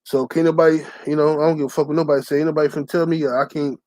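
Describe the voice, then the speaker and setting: A man's voice: on the high side, very fast, hardly any pauses, no room sound. Profane heated man telling a story. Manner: loud, profane and heated, often shouts in quoted lines. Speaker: channel host. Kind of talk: profane storytelling rant to camera.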